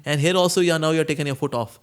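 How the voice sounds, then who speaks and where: A man's voice: a little high, steady tone, racing, smooth. A man, a monk answering questions in a conversational spiritual talk, telling stories and acting out quoted voices. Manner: storytelling, acts out quoted voices, chuckles.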